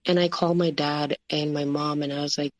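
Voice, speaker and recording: A woman's voice: low voice, flat delivery, brisk, no echo, poor audio. Woman telling her story, full of fillers. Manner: rambling, many fillers like "like" and "you know". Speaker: guest sharing her story. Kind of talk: personal storytelling in a podcast interview.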